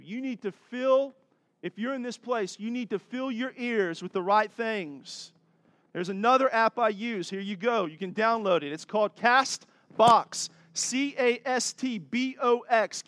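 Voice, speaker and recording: A man delivers a sermon in an earnest, exhorting way. His voice sits fairly high for a man, and he drops into light asides with a laugh before pressing his point again. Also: unhurried, fairly bright tone, no room sound. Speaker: pastor.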